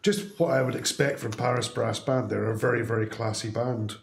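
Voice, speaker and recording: A man's voice: medium pitch, steady tone, normal speed, creaky, echoey room. A man commenting on a band performance in an appreciative way.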